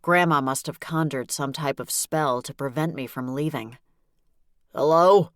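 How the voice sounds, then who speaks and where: A woman's voice: extremely low pitch, fairly even intonation, normal speed, fairly bright tone, dry recording, clean studio sound. Wry woman narrating an audiobook. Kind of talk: first-person novel narration.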